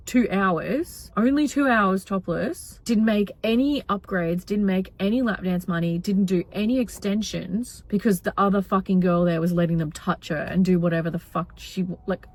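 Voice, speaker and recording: A young woman vlogging, venting in an agitated, rambling way with lots of swearing. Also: medium pitch. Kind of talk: casual venting vlog.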